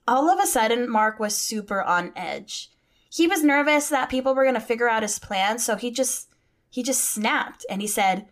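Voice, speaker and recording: Woman podcaster talking thru a true crime case, kinda high voice, chatty and a bit sweary. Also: normal speed. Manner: chatty, swears casually, reads out quotes. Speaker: podcast host. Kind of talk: casual true-crime storytelling.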